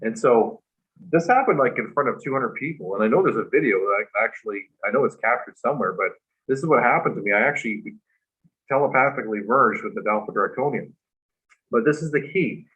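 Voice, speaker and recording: A man's voice: mid-range voice, animated, a little fast, fairly bright tone, lo-fi sound. A man guest on a talk show, earnestly telling a personal story in a rambling way, full of "like" and "you know".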